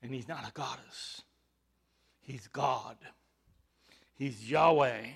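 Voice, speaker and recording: A man's voice: mid-range voice, takes it slowly, gravelly, breathy edge. A male pastor preaching a sermon, emphatic, with rhetorical questions and rising bursts of volume.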